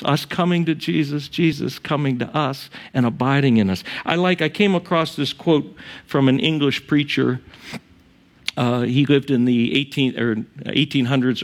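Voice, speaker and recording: A male pastor preaching a sermon in church, tearful and emotional, his voice rising high on emphatic lines. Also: fairly even intonation, moderate pace.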